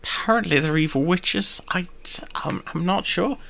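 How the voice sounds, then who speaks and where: A man playing a tabletop game, talking in a playful, halting way with restarts. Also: high voice, gravelly, a bit bright. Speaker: player.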